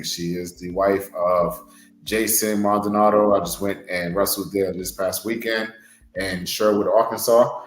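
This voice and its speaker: A man's voice: on the low side, fairly bright tone, echoey room, low-quality recording. A man who co-hosts a podcast and wrestles, earnestly sharing a word of advice and repeating himself as he restarts. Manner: earnest, repetitive, stumbling restarts. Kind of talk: casual motivational talk.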